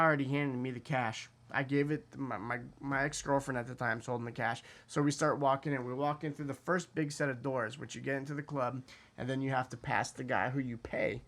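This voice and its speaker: A young man telling a story in casual podcast chat, acting out the voices of the people in it and swearing a lot. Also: mid-range voice.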